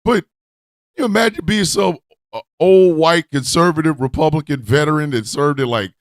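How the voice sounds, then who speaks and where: A man's voice: on the high side, moderate pace, dry recording, clean studio sound. A man hosting an online radio show, ranting comically with profanity and constant cackling laughter. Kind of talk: loose comedic rant with chat.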